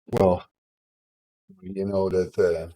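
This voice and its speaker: A man with a sore, husky throat, chatting casually with viewers on a live stream while he draws, self-deprecating about his work. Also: deep voice, little pitch movement, very slow, warm tone, low-quality recording.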